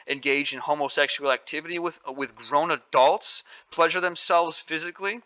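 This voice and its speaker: Male commentator, indignant and emphatic, higher-pitched voice, opinionated vlog delivery. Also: bright, forceful tone, lo-fi sound. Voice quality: emphatic, indignant, repeats phrases for stress. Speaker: commentary vlogger.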